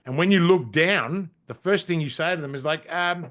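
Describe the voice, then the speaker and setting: A man's voice: fairly high pitch, normal speed, fairly bright tone. A middle-aged Australian man, a podcast guest, tells business stories bluntly and casually, with frequent swearing and restarts. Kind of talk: casual interview storytelling.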